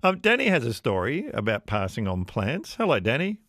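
A man's voice: mid-range voice, huge pitch swings, moderate pace, dry recording, clean studio sound. A man hosting a radio talkback show, greeting callers and thanking listeners for their texts. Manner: warm-toned, introduces callers and reads texts. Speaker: radio host.

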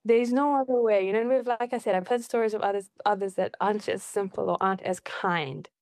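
A woman's voice: fast, no echo, studio quality. A middle-aged woman from Fiji, a documentary filmmaker, telling her personal story in an interview and acting out what people said. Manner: animated, acts out quoted dialogue with big pitch jumps.

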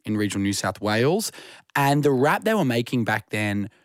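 A young adult man with an Australian accent, co-hosting a casual radio show and chatting in a relaxed, rambling way. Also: mid-range voice, moderate pace, no room sound, studio quality. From Western Australia. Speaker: radio host.

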